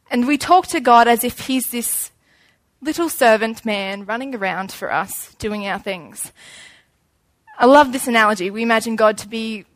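A young woman delivers a relaxed, conversational sermon. She talks in a fairly high voice and acts out little scenes as she goes. The sound is close and dry. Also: no room sound. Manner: chatty and animated, acting out little scenes. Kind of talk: informal sermon.

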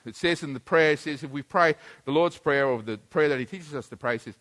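A man's voice: a little high, brisk, fairly bright tone. A man preaching a sermon, teaching plainly and then building to emphatic, repeated points.

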